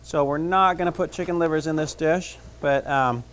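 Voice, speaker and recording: A man's voice: a little high, moderate pace, a bit bright, a little hiss or hum. A man teaching a cooking class, chatting casually and joking as he cooks. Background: frying and sizzling.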